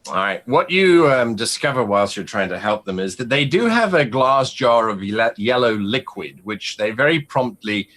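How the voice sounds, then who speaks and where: A man's voice: mid-range voice, big pitch swings, normal speed, hardly any pauses, a bit bright. A man running a tabletop game as game master, narrating in a rambling way with many fillers.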